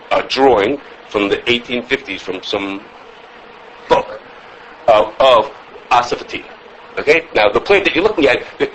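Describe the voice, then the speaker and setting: A man giving a halacha class as a teacher, animated, often repeating words and checking with "okay?". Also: medium pitch, slight background noise, rough recording. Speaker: Torah teacher.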